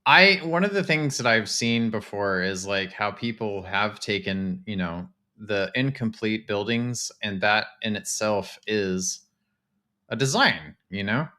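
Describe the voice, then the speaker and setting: A man, casually chatting to his live-stream viewers while touring game houses, excitable and talkative. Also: fairly low pitch, measured pace. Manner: chatty, excitable, talks to chat.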